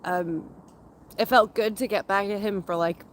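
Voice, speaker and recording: A woman in her thirties from Canada, casually chatting with her livestream viewers in a slow, rambling way, with a runny nose. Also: mid-range voice, a little hiss or hum. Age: 30s. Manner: slow, rambling and chatty, with frequent fillers and laughs. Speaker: livestream host. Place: outdoors in a forest area.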